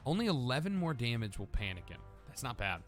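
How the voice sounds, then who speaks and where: A man's voice: mid-range voice, sing-song, fairly quick, soft background music. A man hosting a let's play, thinking aloud as he plays a deck-building card game. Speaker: gaming channel host.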